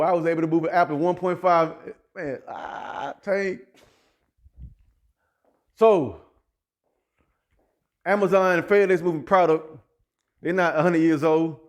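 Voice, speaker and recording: A man who runs an app business rants directly at his listeners in loose, heated street talk. His voice sits a bit high for a man. He keeps turning to call out to the people he's addressing. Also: a little mellow. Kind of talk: direct-to-camera rant.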